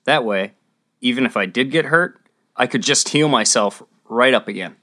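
An eager young boy squire who talks with earnest bravado, as a woman reads him. His voice sits very low for a woman yet swings widely in pitch, boyish and animated. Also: moderate pace, heavily acted.

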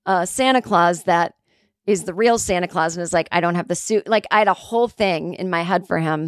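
A woman comedian hosting her podcast, telling a long story in a chatty way, with lots of fillers and sudden jumps in pitch when she gets excited. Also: fairly quick, no room sound, clean studio sound. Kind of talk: casual storytelling monologue.

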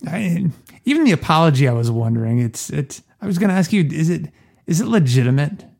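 Gravelly man chatting about a film. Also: on the high side, big pitch swings, brisk, darkish tone. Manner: laughs often, quotes lines in gruff put-on voices. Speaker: podcast co-host. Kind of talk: casual film discussion.

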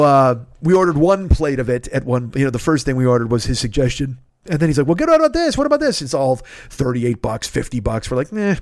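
A man hosting a podcast, telling a story in a casual, animated, profane way. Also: mid-range voice, no echo, clean studio sound. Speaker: podcast host.

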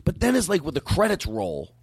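A man's voice: on the high side, wildly swooping pitch, brisk, breathy edge, no room sound, studio quality. A man hosting a comedy podcast in casual chat, rambling and playful as he keeps cutting himself off. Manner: rambling, self-interrupting, playful. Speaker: podcast host.

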